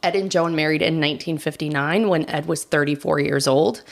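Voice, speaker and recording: A woman's voice: low-pitched, fairly quick, creaky. A woman from the United States casually narrating a true crime case on a podcast, with chatty, self-deprecating asides.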